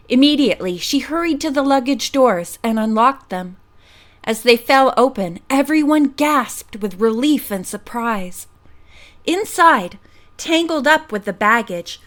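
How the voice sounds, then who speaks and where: High-voiced woman narrating a storybook. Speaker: audiobook narrator. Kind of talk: scripted narration.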